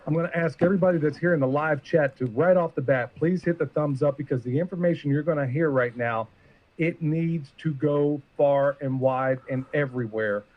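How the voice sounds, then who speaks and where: A man's voice: on the high side, moderate pace. A man hosting a live-streamed show, introducing a guest in an earnest, emotional, rambling way. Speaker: podcast host. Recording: muffled lo-fi stream audio.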